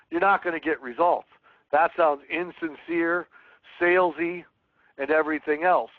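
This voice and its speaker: A man's voice: a little high, steady tone, moderate pace, dry recording. A man teaching a real estate sales webinar, coaching earnestly and reading sample phone scripts aloud. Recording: tinny phone-like line.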